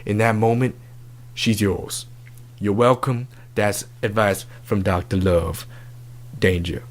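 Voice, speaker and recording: A man's voice: on the low side, fairly even intonation, slow. A man playing a brash, crude love-advice doctor in a comedic podcast bit, talking in swaggering, profane slang.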